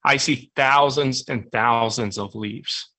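A man's voice: medium pitch, takes it slowly, pushed and bright, exaggerated voice. Earnest male mentor in a spoken anecdote, pressing questions, as a man puts him on. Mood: insistent.

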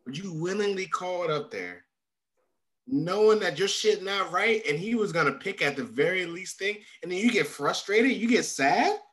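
Animated male podcast host. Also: normal speed. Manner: animated, rises in pitch when making a point. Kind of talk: casual chat.

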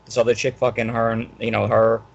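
A man's voice: medium pitch, completely flat delivery, fairly quick, vocal fry, lo-fi sound. A man guest on a casual podcast who rants angrily and profanely, often repeating himself.

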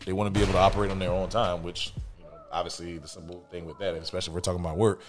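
A man's voice: low voice, flat delivery, racing, over music. A young man in casual podcast chat, telling a story with lots of slang and acting out both sides of a quarrel. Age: young adult. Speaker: podcast co-host.

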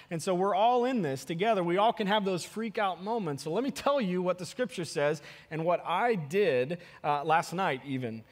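A man preaching a sermon as pastor, earnest, climbing to emphatic peaks and then dropping soft and low. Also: long reverb tail.

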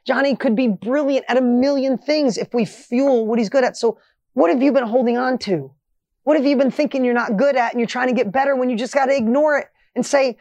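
On his motivational podcast, the host relates a coaching story at a brisk clip, alternating between forceful, loud moments and hushed side comments. There's no echo.

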